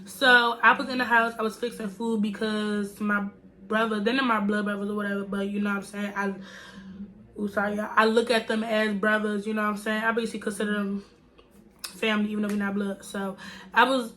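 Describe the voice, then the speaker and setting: A woman's voice: mid-range voice, little pitch movement, brisk, bright, forceful tone, slight background noise. A young woman vlogger telling a story to her viewers in a chatty, slangy way. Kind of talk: casual storytime.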